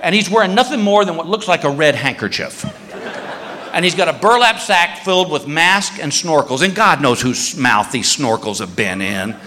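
A man's voice: fairly high pitch, normal speed. A man telling a comic story on stage, acting out the people in it with big vocal swings. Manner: animated, acts out voices with big jumps. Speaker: stand-up comedian. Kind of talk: stand-up comedy storytelling. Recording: live hall reverb, faint ambience.

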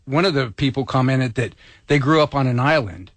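A man's voice: mid-range voice, fairly quick, no echo. A man chatting on a talk radio show, telling an anecdote with enthusiasm. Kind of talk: casual talk radio chat.

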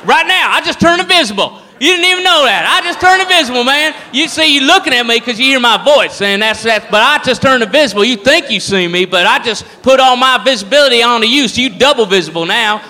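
A man's voice: very high-pitched, animated, fairly quick, pushed and bright, big-room sound, pitched above the performer's own voice, full character voice. A man doing a swaggering drunk bar brawler. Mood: boastful. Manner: swaggering, repeats "man" constantly. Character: boastful drunk male bar brawler, all bluster.

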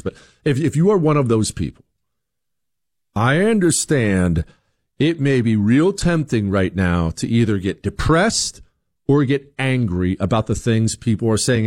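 A male commentator talking straight to his listeners in an emphatic monologue, his voice leaping up and down in pitch. He repeats words and restarts phrases as he pushes his points. The sound is dry and close, with no room around it. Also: no echo. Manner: emphatic, animated, rhetorical questions, acts out quoted voices. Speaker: political commentator host.

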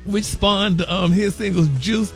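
A man's voice: high voice, steady tone, measured pace, creaky, soft background music. A man delivering a sassy celebrity gossip segment on a radio morning show, calling everyone honey and baby and laughing often. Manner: flamboyant, sassy, laughs a lot, calls people honey and baby.

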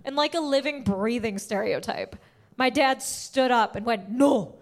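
A young woman with a high voice performs stand-up, spinning her stories with lively energy. She keeps shooting up into shrieking highs on the punchlines while the crowd laughs along. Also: moderate pace. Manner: animated storytelling, jumping to shrieking high pitch for punchlines. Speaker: stand-up comedian. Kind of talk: stand-up comedy set. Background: audience laughter.

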